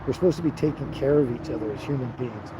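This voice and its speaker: A man's voice: medium pitch, quick pace, background noise. A man hosting a casual live stream, rambling and chatting with viewers by name. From Canada. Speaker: livestream host.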